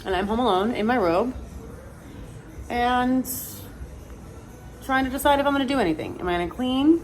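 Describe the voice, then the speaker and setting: A woman's voice: a little high, animated, normal speed, darkish tone. A woman in her thirties vlogging from her car, chatting in a rambling, self-mocking way and swearing casually. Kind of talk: casual chat. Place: inside a car in her neighborhood. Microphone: camera mounted in the car. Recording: noisy car interior. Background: car and road noise.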